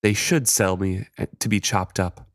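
A man's voice: sits low, steady tone, normal speed, dry recording, studio quality, lightly acted. A man voicing a despairing sentient male ship figurehead who turns bitter and sarcastic.

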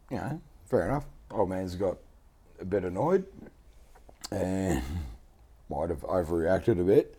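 A man's voice: deep voice, dark tone, slightly rough. A young man telling a rowdy story in casual chat, swearing often and laughing as he goes. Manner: laid-back, swears a lot, laughs through his story.

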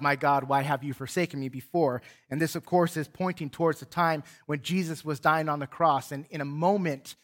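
Male pastor, higher-pitched, earnest preacher who reads scripture with dramatic swells and quiet drops. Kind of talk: sermon with scripture reading. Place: church sanctuary.

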